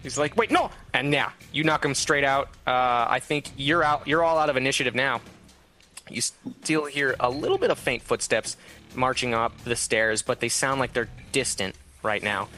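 A man's voice: medium pitch, moderate pace, sharp tone. A man running a tabletop game as game master, narrating loosely with many fillers. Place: studio.

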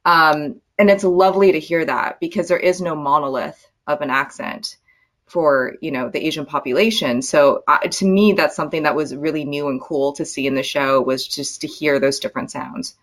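A woman actress as interview guest, talking in a relaxed, friendly way with plenty of "like" and "um". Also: sits low, moderate pace. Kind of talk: casual interview chat.

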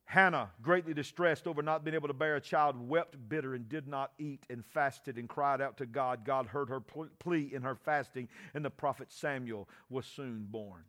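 A man preaching a sermon, often shouting and calling for responses from the congregation. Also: mid-range voice, moderate pace, few pauses. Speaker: pastor.

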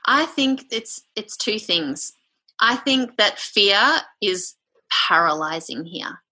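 A woman's voice: medium pitch, animated, takes it slowly, pushed and bright. A woman, a podcast guest talking frankly and with energy in a casual interview.

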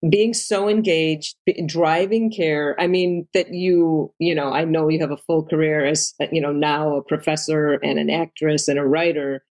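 A woman's voice: deep voice, steady tone, normal speed, few pauses, darkish tone. A woman interviewing a guest, affirming what she hears and leading into follow-up questions. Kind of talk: conversational interview.

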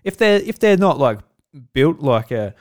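Lively, laughing man hosting. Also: fairly high pitch, unhurried. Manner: laughing, swearing, joking. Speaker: podcast host. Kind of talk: casual podcast banter.

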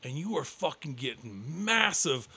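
Foul-mouthed ranting man, lively voice. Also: a little high, a little slow, creaky, slightly rough. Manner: profane, ranting, heavy swearing. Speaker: podcast co-host. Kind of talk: casual chat.

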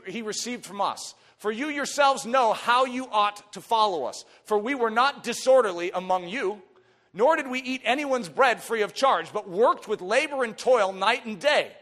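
A man preaching a sermon with emphatic swings from soft to shouted lines, reading scripture in old-fashioned wording. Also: sits high. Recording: long hall reverb.

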